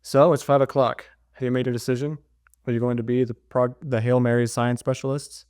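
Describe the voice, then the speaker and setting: A stern woman mission leader who speaks bluntly and gives orders, as a man reads her lines from a novel. The voice sits at an ordinary middle pitch. The recording is close and dry, with no room sound. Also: flat delivery, a little fast, a little mellow, smooth, no echo, lightly acted. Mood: pressing. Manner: read aloud from a novel in his own voice. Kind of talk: reading a novel aloud.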